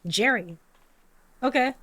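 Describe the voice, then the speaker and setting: A woman's voice: a little high, lively intonation, takes it slowly, fairly bright tone, faint music behind. A woman who is sick gives laid-back, casual commentary while playing a game, mumbling with fillers. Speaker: let's play streamer.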